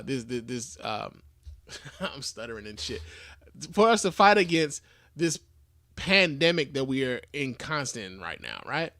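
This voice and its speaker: A man hosting his own podcast, giving casual, animated commentary on the news with frequent restarts and casual swearing. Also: mid-range voice, no room sound, clean studio sound. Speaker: podcast host.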